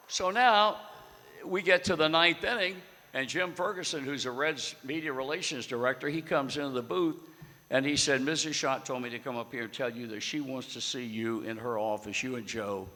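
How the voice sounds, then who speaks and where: A blunt older man with a bright, forceful voice spins a salty story for an audience. His words ring with the long reverb of a big hall. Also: mid-range voice, normal speed. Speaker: guest speaker.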